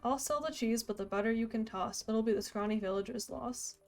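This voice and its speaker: A woman's voice: fairly high pitch, a little fast, vocal fry, a little mellow, faint music behind. A woman reading a friendly young male farmhand's lines aloud in rhyme, in her own voice. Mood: easygoing. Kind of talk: reading a video game's dialogue aloud.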